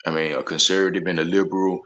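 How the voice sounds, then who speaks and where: A man calling into a stream, speaking in a halting, measured way with many pauses and fillers. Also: deep voice, level tone, a bit bright, poor audio. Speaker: caller. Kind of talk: casual chat.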